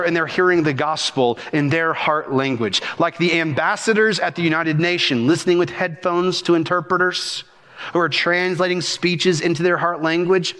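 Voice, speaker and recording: A man, a senior pastor preaching a sermon with rhythm and animated cadence. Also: fairly high pitch. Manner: rhythmic, animated preaching with talk of speaking fast.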